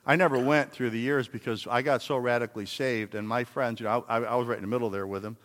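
A man in his sixties preaching a sermon in a church, telling a story and then building to loud, emphatic exhortation. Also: mid-range voice, steady tone, fast, big-room sound. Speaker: pastor.

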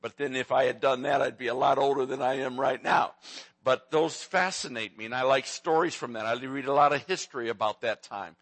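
Bright-voiced preacher in his sixties. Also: mid-range voice, a little fast, no echo. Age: 60s. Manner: folksy storytelling preacher, joking with the congregation. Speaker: pastor. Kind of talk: sermon.

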